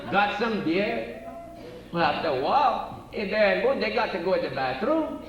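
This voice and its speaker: A man's voice: high voice, big pitch swings, normal speed, a bit bright, highs cut off. A man with a Cajun accent telling a comic story on a theater stage, drawling and folksy. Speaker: comedian. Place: theater stage before an audience. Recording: very echoey hall, from far off, faint noise.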